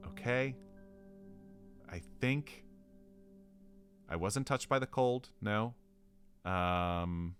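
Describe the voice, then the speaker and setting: A man with a low, bright voice plays through a solo tabletop adventure. He narrates and mutters rambling asides to himself. Faint music runs underneath. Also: clear, resonant tone. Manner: chatty, rambling self-talk with asides and chuckles. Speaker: solo tabletop game player.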